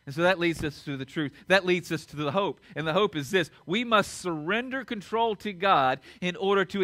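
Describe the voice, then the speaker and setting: A middle-aged male pastor preaching a sermon in a church sanctuary, swinging from loud emphatic peaks down to hushed, low passages. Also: no echo. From United States.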